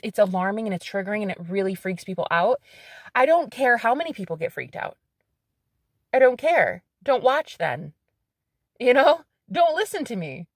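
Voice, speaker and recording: A woman's voice: a little high, no room sound, studio quality. A woman in her thirties talking to camera in a casual vlog, blunt and defiant, swearing freely, repeating phrases for emphasis and laughing between lines. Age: 30s. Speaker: psychic medium.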